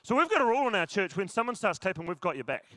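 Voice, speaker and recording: A pastor, a man preaching to his congregation in a high, bright voice. He is jokey and chatty and keeps talking to the crowd. The sound is close and dry, with no room echo. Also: big pitch swings, very fast. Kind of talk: sermon. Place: church service with a congregation.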